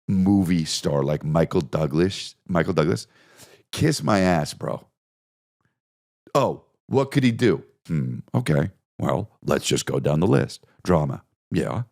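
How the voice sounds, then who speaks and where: A man's voice: sits low, vocal fry. A man hosting a comedy podcast, telling stories casually with lots of swearing, and jumping in and out of bits and silly voices. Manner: animated, profane, jumps into bits and voices. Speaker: podcast host.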